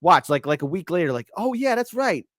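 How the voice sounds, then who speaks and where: A man co-hosting a political podcast chat, his fairly high voice swooping with lively expression as he acts out quoted voices. He talks in bursts with frequent restarts. The sound is dry and close, with no room echo. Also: fairly quick. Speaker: guest co-host.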